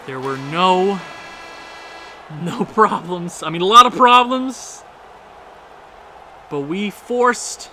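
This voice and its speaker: A man with a high voice gives let's-play commentary in an unhurried way, flaring into frantic yells and then dropping to a hushed tone. Video game music plays clearly behind him. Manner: excitable, yelling at the game, swinging between frantic and hushed. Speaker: gaming video creator.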